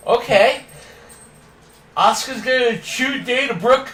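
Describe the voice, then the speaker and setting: A man's voice: very high voice, slow, fairly bright tone, recorded from a distance. Opinionated man ranting in an echoey room. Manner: opinionated, ranting, laughs often. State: yawning and tired. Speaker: wrestling recap host. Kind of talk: casual recap monologue.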